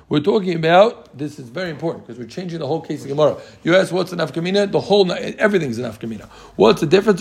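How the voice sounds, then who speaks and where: A man teaching a Talmud class to students, lively and joking, who quizzes them with quick rhetorical questions. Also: sits high, vocal fry.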